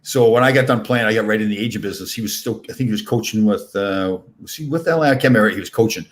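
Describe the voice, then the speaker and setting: A man in his sixties, a former hockey player and podcast host, telling excitable anecdotes in a casual chat, full of restarts. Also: lowish voice, rapid-fire.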